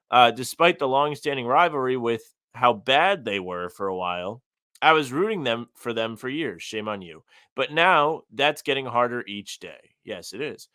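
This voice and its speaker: A man with a bright, forceful voice chats on a sports podcast, reading listener comments aloud and weighing in bluntly. His voice sounds dry and close to the mic. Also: medium pitch, no room sound. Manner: reads listener comments aloud, opinionated and conversational. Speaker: podcast co-host. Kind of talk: casual sports podcast chat.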